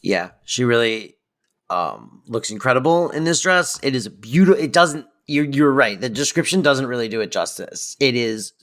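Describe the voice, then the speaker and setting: A man's voice: mid-range voice, expressive, moderate pace, fairly bright tone. A man co-hosting a podcast, chatting casually and playfully agreeing with his partner. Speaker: podcast co-host. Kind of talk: casual recap chat.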